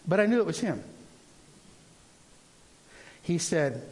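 A man in his sixties preaching informally, telling a personal testimony in a rambling, halting way with many restarts. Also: high-pitched, sing-song, darkish tone.

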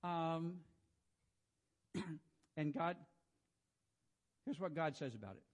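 A high-voiced man preaches a devotional sermon. He reads scripture quietly and slowly, then presses his point with rising emphasis, pausing often to clear his throat. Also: animated. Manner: frequent throat clearing and restarts.

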